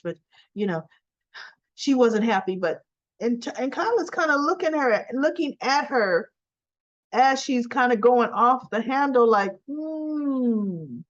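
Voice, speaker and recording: Woman, casual recap host; animated, quotes characters with a raised voice, slightly high pitch, dull lo-fi audio. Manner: animated retelling, quoting characters in lifted voices. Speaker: soap opera recap vlogger.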